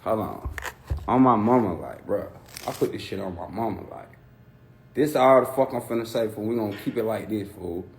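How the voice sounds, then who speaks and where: A man's voice: on the low side, a little fast, gravelly, darkish tone, slight background noise. A man ranting heatedly on a livestream into a phone, mocking and swearing.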